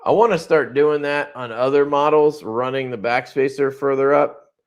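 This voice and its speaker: A man chatting loosely on his own livestream, drifting from one thought to the next. He swears freely and laughs often. His voice sits in an ordinary middle pitch. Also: moderate pace, highs cut off. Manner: rambling, profane, laughs often. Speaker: livestream host. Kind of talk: casual livestream chat.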